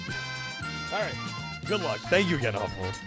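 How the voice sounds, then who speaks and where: A streamer host chats in a laid-back way during a casual livestream, thanking viewers while background music plays under his voice. He speaks at normal speed with a slightly high, very animated voice.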